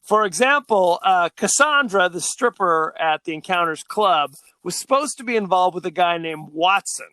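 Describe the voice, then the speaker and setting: A man's voice: high voice, expressive, normal speed, hardly any pauses, bright, forceful tone, no echo. A man co-hosting a podcast, chatting casually about a movie in a rambling way, laughing often and using many fillers. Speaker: podcast co-host.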